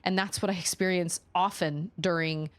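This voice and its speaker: Woman in her thirties, lower voice, chatty storyteller streaming from home. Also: moderate pace. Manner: chatty, animated storytelling with many fillers. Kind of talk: casual chat.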